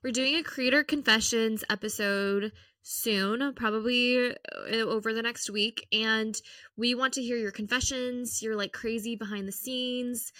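A woman's voice: on the high side, fairly even intonation, sharp tone, no echo, clean studio sound. A woman co-hosting a podcast in casual chat, giggly and bubbly. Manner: giggly, talks fast and bubbly. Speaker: podcast co-host.

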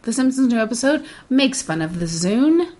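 A woman's voice: on the high side, very animated, moderate pace, a little mellow. A young woman co-hosting a podcast, ranting bluntly in casual chat and laughing often. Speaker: podcast co-host.

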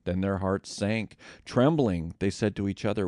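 A man narrating scripture in a measured, deliberate scripted reading. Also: on the low side, darkish tone, no room sound, studio quality. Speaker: scripture reader.

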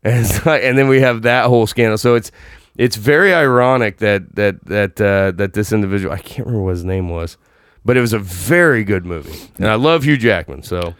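A man's voice: on the low side, brisk, clean tone, no echo, studio quality. A man in casual conversation about movies, rambling and correcting himself as he goes.

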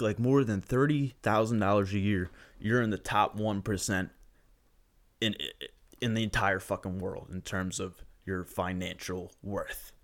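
A young man ranting profanely and sarcastically through a solo podcast monologue. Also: fairly low pitch.

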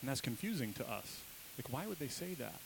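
A man's voice: mid-range voice, big pitch swings, fairly quick, vocal fry. Conversational male preacher, faint hiss. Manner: conversational, asks the congregation questions; acts out quoted voices with bursts of emphasis. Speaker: pastor. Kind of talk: sermon.

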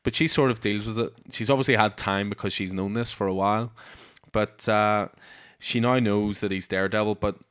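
A man's voice: fairly low pitch, fairly even intonation, fairly quick, few pauses, fairly bright tone, clear, resonant tone, dry recording, studio quality. A man, hosting a casual comics chat and eagerly recounting scenes in detail. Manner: enthusiastic, summarizes scenes in detail. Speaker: podcast host.

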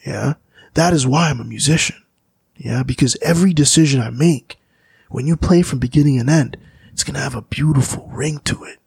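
Gravelly-voiced man musing slowly. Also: mid-range voice, a little mellow, dry recording. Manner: slow, searching, philosophical, often restarts. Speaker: musician guest. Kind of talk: reflective conversation.

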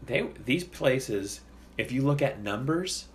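A man's voice: medium pitch, lively intonation, slow pace, a little hiss or hum. A man co-hosting a podcast, ranting in casual heated chat and swearing often for emphasis. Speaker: podcast co-host.

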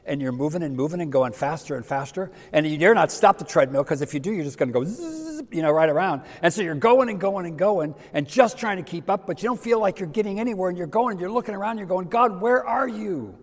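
An older man preaching a sermon in a conversational way, dropping to soft near-whispers for emphasis. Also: high voice, lively intonation, fast, hardly any pauses. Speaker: pastor. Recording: reverberant hall.

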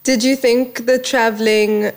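A woman's voice: fairly high pitch, steady tone, a little slow. A woman hosting an interview, encouraging and affirming her guest as she listens. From South Africa. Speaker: podcast host. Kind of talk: conversational interview.

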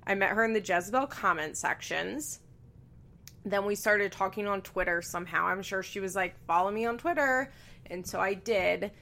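Bright, chatty woman podcast host. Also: medium pitch, steady tone, normal speed, creaky. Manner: chatty, sarcastic, swears freely, laughs between remarks. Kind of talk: casual solo podcast chat. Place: bedroom at home with a fan running.

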